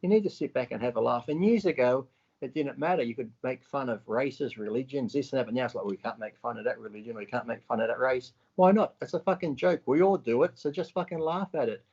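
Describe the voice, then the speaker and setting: A gravelly, husky-voiced man chats on a podcast. He swears freely and acts out what people said to him, bluntly and with animation. The audio is dull and lo-fi. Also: mid-range voice, quick pace. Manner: blunt, profane, animated retelling. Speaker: podcast co-host. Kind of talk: casual chat.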